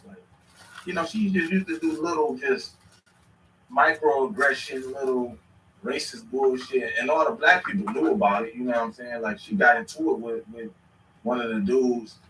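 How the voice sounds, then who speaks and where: A man in his thirties telling stories in casual chat, animated and swearing freely. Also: medium pitch, moderate pace, recorded from a distance, a little hiss or hum. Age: 30s. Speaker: podcast host. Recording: echoey room, away from the mic.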